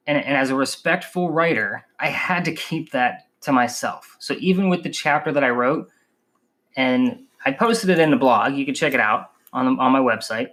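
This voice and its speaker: A man from the northern United States hosting a podcast, telling the story in an animated, emphatic way. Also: medium pitch, moderate pace. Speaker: podcast host. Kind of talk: podcast narration.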